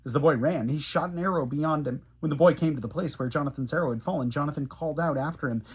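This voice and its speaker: Husky man, steady earnest scripture reading, podcast host. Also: a little high, fast talker, few pauses, lo-fi sound. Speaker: Bible reader.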